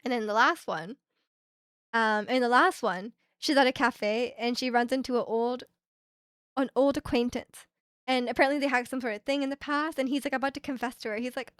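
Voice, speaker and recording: A woman's voice: fairly high pitch, brisk, clear, resonant tone, dry recording, studio quality. A young woman streaming, chatting casually with her viewers and retelling ads in a rambling way with many fillers.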